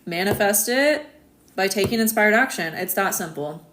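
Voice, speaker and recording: An American woman in a casual live-stream chat, answering viewers' comments in a relaxed, chatty way and laughing often. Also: medium pitch, moderate pace, a little hiss or hum. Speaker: astrologer hosting a live stream.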